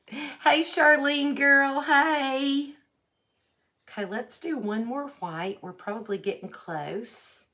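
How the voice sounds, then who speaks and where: Speaking slowly in a high voice, this woman with a Texas accent runs a laid-back crafting livestream. Folksy and talkative, she welcomes viewers by name as she keeps working.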